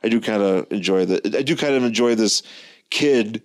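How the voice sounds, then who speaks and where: A man's voice: fairly low pitch, normal speed. Casting: male podcast co-host, rambling comic book recap, loose and chatty. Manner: rambling, frequent restarts, animated retelling. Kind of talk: casual comic book discussion.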